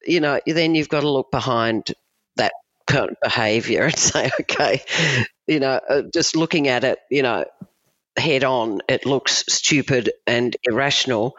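A woman's voice: rumbling low, a bit bright, dry recording, highs cut off. A middle-aged Australian woman, a family lawyer, chatting candidly as an interview guest and saying "you know" a lot. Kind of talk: casual chat.

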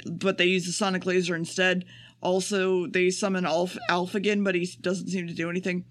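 A man with a high, bright voice on a casual podcast. He runs through a plot recap in a sarcastic, profane way and drops deadpan asides. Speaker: podcast co-host.

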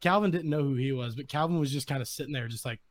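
A young man hosting a podcast, excitedly retelling a story in casual chat. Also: mid-range voice, quick pace. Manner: excited, animated retelling with quoted voices. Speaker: podcast host.

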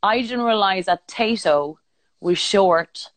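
An Irish woman chatting as a podcast guest, giggly and quick to interrupt herself. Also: mid-range voice, dry recording. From Ireland. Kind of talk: casual chat. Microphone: remote live stream mic.

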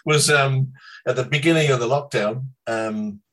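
A man's voice: mid-range voice, normal speed, fairly bright tone, rough recording. A man from Ireland, chatting casually on a podcast, rambling, swearing and laughing often. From Northern Ireland. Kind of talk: casual chat.

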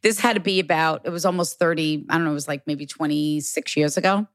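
Middle-aged woman medium chatting on a podcast, tells stories, lowish voice, dry sound. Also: steady tone, quick pace, dry recording. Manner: storytelling, relays messages from the dead. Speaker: guest, medium. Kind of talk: casual podcast conversation.

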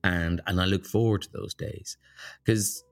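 A middle-aged man from Ireland, a guest author chatting in an interview, self-mocking and animated with big jumps in pitch. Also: measured pace, soft background music. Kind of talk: casual interview chat.

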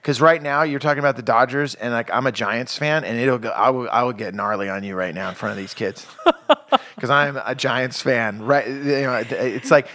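Male podcast host, casual and rambling, mid-pitched, loose delivery. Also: fairly quick, hardly any pauses, sharp tone. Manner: laid-back, rambling with restarts and fillers. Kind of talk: casual chat.

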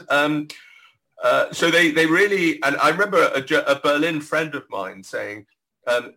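A man's voice: medium pitch, bright, forceful tone, rough recording. A British man telling political anecdotes as a podcast guest, digressive with wry asides. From Britain. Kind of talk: podcast discussion.

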